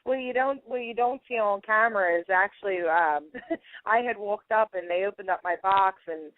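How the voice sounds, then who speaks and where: A young adult woman with a Philadelphia accent, chatting as a guest on a radio interview, quick to laugh and full of "like" and "you know.". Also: medium pitch, no echo. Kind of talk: casual phone interview. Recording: tinny phone line, dry.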